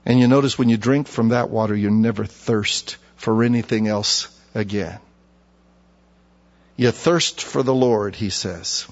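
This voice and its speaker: Male pastor, folksy sermon delivery with dramatic pauses; dull recording in a reverberant church. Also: lowish voice. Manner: folksy preaching, slows for emphasis, acts out mockers. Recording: dull sound with long reverb.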